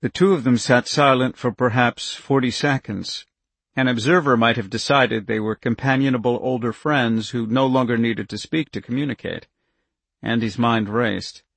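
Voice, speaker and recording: A man reading a novel aloud in a measured, even way, dropping his voice for inner thoughts. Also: mid-range voice, creaky, husky, no room sound. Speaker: audiobook narrator. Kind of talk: scripted narration.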